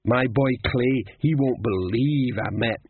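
A man voicing a simple, excitable male troll guard with rough grammar, on a tinny recording. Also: medium pitch, slow pace, dry recording, exaggerated voice. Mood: starstruck. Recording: tinny lo-fi narrow sound.

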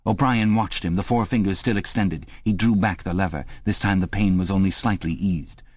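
A man narrating an audiobook with a calm, even, measured delivery. His voice is lowish in pitch and recorded very dry and close, with no room echo. It suits serious literary fiction. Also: slightly rough. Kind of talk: scripted narration.

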